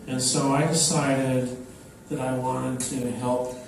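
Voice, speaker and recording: A man's voice: mid-range voice, level tone, gravelly, recorded from a distance. Older man giving a talk in an echoey hall. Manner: unhurried and anecdotal, with fillers. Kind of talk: public talk. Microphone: microphone, then unamplified. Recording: echoey hall, voice from afar, noisy.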